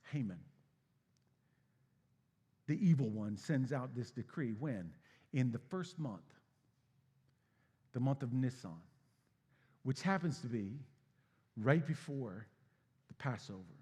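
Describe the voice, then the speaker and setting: A man preaching a sermon as pastor, swinging from hushed, low passages to loud, emphatic bursts. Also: lively intonation, takes it slowly, pauses often, husky. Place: church sanctuary. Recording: long hall reverb.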